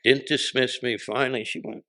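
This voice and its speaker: A man, a podcast guest telling stories in animated casual chat, acting out the voices he quotes. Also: medium pitch, normal speed. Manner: animated, acts out quoted voices, laughs often.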